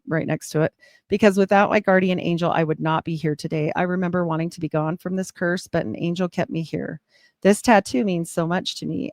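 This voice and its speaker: A middle-aged woman giving a personal testimony as a guest, rambling and animated, with laughs and asides. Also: fairly low pitch, gravelly, no room sound, studio quality.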